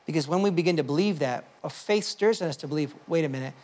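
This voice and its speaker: High-voiced impassioned male preacher. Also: fast. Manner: impassioned, swinging between hushed asides and loud outbursts; conversational, with fillers and restarts. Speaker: pastor. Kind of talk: sermon.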